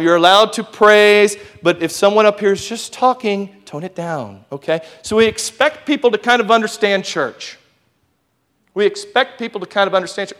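A youth pastor giving a lively sermon, calling out to his congregation and sometimes shouting. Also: high voice. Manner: lively preaching with call-and-response, sometimes shouting.

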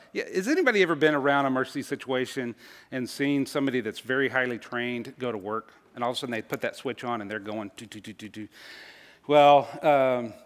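A man telling a personal story to an audience in a casual, halting way, with many fillers and restarts. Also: mid-range voice, fairly bright tone. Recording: long hall reverb.

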